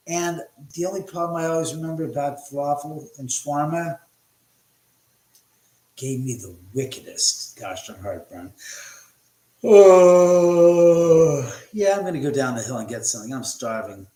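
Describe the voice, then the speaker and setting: A man's voice: mid-range voice, lively intonation, normal speed. Middle-aged guy rambling on a livestream from home, jokey, swears a lot, roomy echo on a phone mic. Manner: chatty and joking, cursing freely. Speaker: livestream host. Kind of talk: casual livestream chat, reading viewer comments. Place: room in his house. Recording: echoey room.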